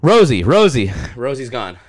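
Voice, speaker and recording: A man's voice: mid-range voice, normal speed, over a noisy crowd. A man co-hosting a call-in podcast, joking in casual chat. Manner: joking, wildly animated intonation. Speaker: podcast co-host.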